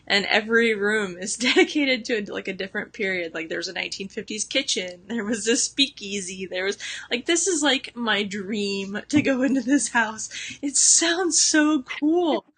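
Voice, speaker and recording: Chatty bright-voiced young woman. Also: mid-range voice. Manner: chatty, full of "like" and restarts, laughing often. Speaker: book vlogger. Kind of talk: casual book discussion.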